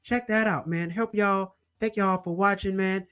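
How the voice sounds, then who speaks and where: A young man hosting a casual livestream, eagerly shouting out viewers and their cities and plugging his channels. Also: high-pitched, steady tone, moderate pace, clear, resonant tone. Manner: hyped, repetitive shout-outs to viewers. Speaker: livestream host.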